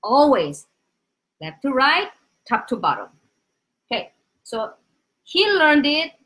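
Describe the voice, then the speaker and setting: A woman's voice: high voice, big pitch swings, slow, a bit bright. A young woman with a Korean accent teaching a casual live-streamed Korean lesson, drilling pronunciation with lots of repetition.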